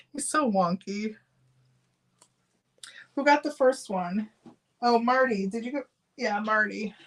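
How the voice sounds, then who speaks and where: A woman's voice: fairly high pitch, slow pace, pauses often. A middle-aged woman chatting casually on a live stream, giggling often and reading out viewer names while she runs a giveaway.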